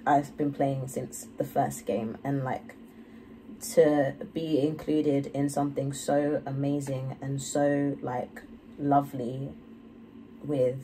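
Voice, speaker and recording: A woman's voice: extremely low pitch, mellow, far from the mic, slight background noise, low-quality recording. A young woman, gushing effusively in a casual reaction vlog. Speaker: YouTuber.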